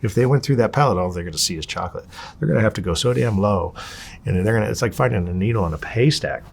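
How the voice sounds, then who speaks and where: Husky, low-pitched man being interviewed, swears freely and performs the voices of people in his story. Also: fast. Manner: profane, animated, acts out the people he quotes.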